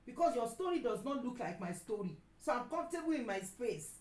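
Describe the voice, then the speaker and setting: A middle-aged Nigerian woman preacher and counselor giving an emphatic sermon. She repeats her key lines and sometimes breaks into loud outbursts. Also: a little high, very animated, fairly quick, reverberant, poor audio. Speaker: pastor and counselor.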